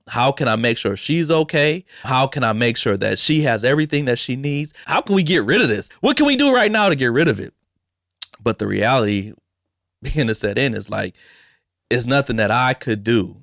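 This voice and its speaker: A man's voice: mid-range voice, creaky, fairly bright tone, dry recording, clean studio sound. A man hosting a podcast, talking candidly and emotionally in a casual, personal style, with slang like "bro" and "man". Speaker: podcast host. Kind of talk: personal reflective talk.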